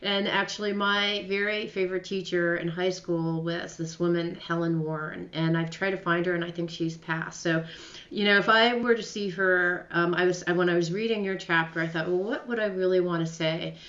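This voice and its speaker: A woman's voice: on the low side, steady tone, normal speed, a bit bright. A woman hosting a radio show, interviewing a guest in an effusive, emotional way and laughing while she talks. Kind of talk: interview, casual chat. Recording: roomy, slightly dull sound.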